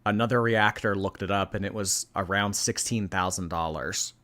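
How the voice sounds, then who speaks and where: A man's voice: deep voice, moderate pace, a bit bright. A man hosting a casual reaction stream, reading chat and giving blunt, chatty opinions with casual swearing.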